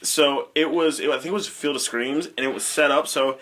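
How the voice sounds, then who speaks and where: A man co-hosting a podcast in casual chat, animated and joking, and swearing offhand. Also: medium pitch, a little fast. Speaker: podcast co-host.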